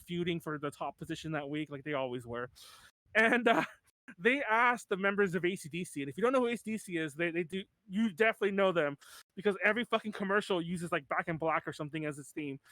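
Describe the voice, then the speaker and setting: A man's voice: sits high, bright, forceful tone, no echo. A man in his thirties hosting a podcast in casual chat, rambling with lots of "like" and restarts and laughing often. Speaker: podcast host.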